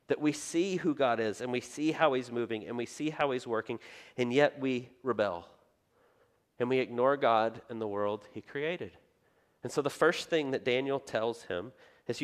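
A man, a pastor, preaching a sermon and telling the story in a lively way, acting out the voices he quotes. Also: mid-range voice.

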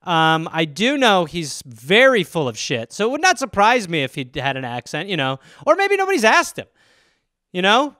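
Man, solo comedy podcast host: high, animated voice, rambling and profane. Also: dry recording, studio quality. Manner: rambling, profane, animated storytelling with quick voice impressions. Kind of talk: casual solo comedic riffing.

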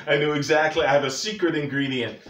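An older man preaches to his congregation, folksy and earnest, slipping in joking asides. His voice sits a little high and rings through a roomy church sanctuary. The mic is some distance away, with faint room noise behind him. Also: steady tone, quick pace, fairly bright tone. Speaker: pastor. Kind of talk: sermon. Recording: echoey church from far off.

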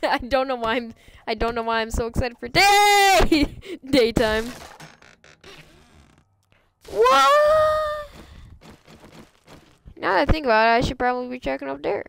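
Excitable high-pitched woman streaming a game. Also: a little fast, vocal fry, clean tone, no echo. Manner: excitable, goofy, squeals and laughs often. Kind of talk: live gameplay commentary.

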